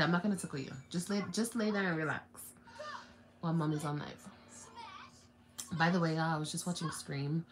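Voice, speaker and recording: A young woman vlogger chatting casually on a livestream from home, often slipping into playful, laughing baby talk with her little son. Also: sits low.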